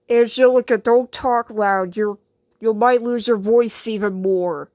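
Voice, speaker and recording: A woman playing the calm, patient owner in a homemade skit, speaking in a low-key way. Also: a little slow, no echo, clean studio sound. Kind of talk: homemade skit role-play.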